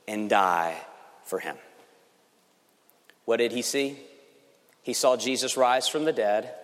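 A man preaching a sermon as pastor, emphatic and swinging between loud passages and hushed ones. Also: medium pitch, long reverb tail.

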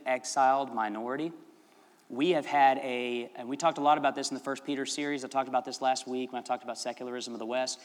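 A man's voice: mid-range voice, in a large hall. A man preaching as pastor, telling a story in a chatty, rambling way and laughing at his own asides. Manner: chatty, rambling, self-amused. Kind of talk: sermon storytelling.

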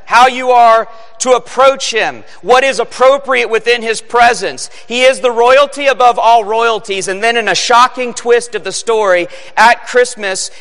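In a church sanctuary full of echoing reverb, a man preaches on Christmas Eve as pastor. His voice sits high with a sharp edge, and his earnest message rises to emphatic peaks.

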